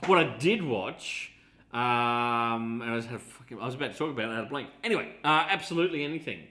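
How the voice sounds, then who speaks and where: A man's voice: medium pitch, expressive, quick pace, bright, forceful tone. A man with an Australian accent co-hosting a casual podcast chat, swearing freely and telling stories in put-on voices. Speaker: podcast co-host. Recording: echoey room.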